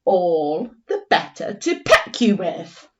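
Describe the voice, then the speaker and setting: A woman voicing a sly chicken disguised as a granny in a read-aloud story, speaking slowly and lower. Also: sing-song, darkish tone, echoey room, dull audio. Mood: teasing.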